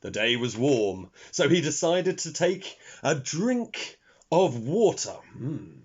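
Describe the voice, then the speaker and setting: Slow, husky man reading a children's story. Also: a little high. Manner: expressive, talks to young listeners. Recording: dull lo-fi recording.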